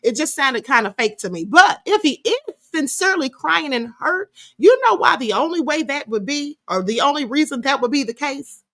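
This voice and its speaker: Sassy high-voiced woman host. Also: animated, normal speed, fairly bright tone. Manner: sassy, scornful, laughing often. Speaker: livestream host. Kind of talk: casual live commentary reading chat.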